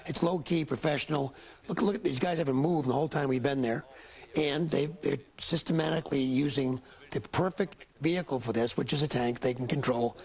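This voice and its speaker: A man's voice: medium pitch, vocal fry, a little mellow. A man working as a military analyst, giving live news commentary in an emphatic, admiring way, with many restarts.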